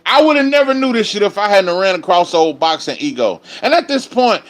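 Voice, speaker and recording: A man's voice: sits high, big pitch swings, a little fast, a bit bright. A man, hosting a live-stream commentary with profane, emphatic ranting. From Dallas area, Texas. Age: 30s. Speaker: host.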